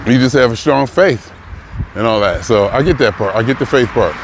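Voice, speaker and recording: Rambling older man outdoors by traffic. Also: mid-range voice. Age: 60s. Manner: rambling, repeats himself, emphatic. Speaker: vlogger. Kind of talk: reflective casual monologue. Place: outdoors near a car rental lot. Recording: noisy outdoor street recording. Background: traffic and city noise.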